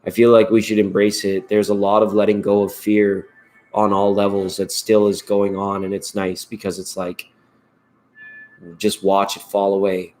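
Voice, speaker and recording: A man's voice: fairly low pitch, completely flat delivery, moderate pace, a little mellow. A man hosting a live tarot stream, chatting casually and rambling playfully, often laughing.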